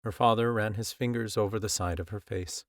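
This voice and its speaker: Low-voiced male audiobook narrator. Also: fairly even intonation, no echo, clean studio sound. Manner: measured, earnest storytelling. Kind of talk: scripted first-person audiobook narration. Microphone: close studio mic.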